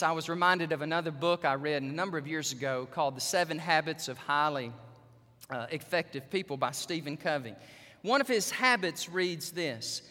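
A pastor, preaching a sermon in a church sanctuary, swinging from quiet asides to loud emphatic peaks. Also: male voice, fairly high pitch. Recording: reverberant church hall.

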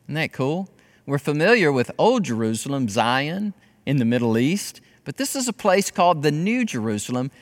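A man preaching a sermon with passion, swinging between loud exclamations and hushed, intimate tones. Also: sits high, in a large hall. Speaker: pastor.

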